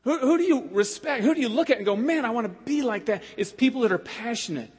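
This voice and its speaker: A man, a pastor preaching a sermon with impassioned swings between loud exhortation and hushed prayer. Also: extremely high pitch, animated, fast talker, breathy edge. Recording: long hall reverb.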